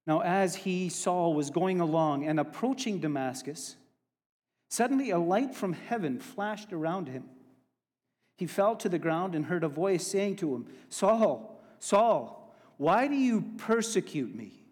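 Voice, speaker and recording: A male preacher delivering a sermon, slow and emphatic, with casual asides, in a church sanctuary. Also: sits high, darkish tone, long reverb tail.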